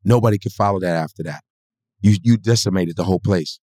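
Man doing a low-key confiding comedian. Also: fast talker, warm tone, no echo, clean studio sound, close to an everyday voice. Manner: confiding, matter-of-fact. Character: veteran male sketch comedian, frank and low-key.

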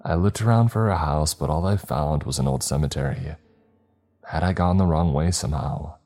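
A man narrating a horror story in a measured, ominous way. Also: rumbling low, dark tone, faint music behind.

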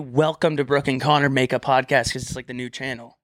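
A man's voice: medium pitch, steady tone, a little fast, a bit bright, dry recording. A young man co-hosting a podcast in casual chat, playful and rambling, joking around. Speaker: podcast co-host.

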